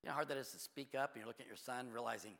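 A middle-aged man preaching a sermon as pastor, shifting between quiet confiding talk and loud, urgent preaching. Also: mid-range voice, rapid-fire, creaky, big-room sound.

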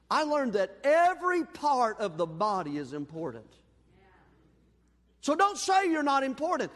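A man preaches in a church sanctuary, his voice sitting very high for a man. He tells folksy, self-deprecating stories before turning to scripture. The sound trails off in a long hall reverb. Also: a bit bright. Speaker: pastor. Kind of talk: sermon with personal story.

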